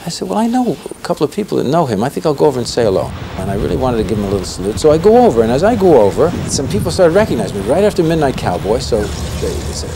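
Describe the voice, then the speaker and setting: A man's voice: a little high, fast talker. An older man, an actor, telling an anecdote in an interview and acting out every voice in it. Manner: lively storyteller acting out the voices in his story.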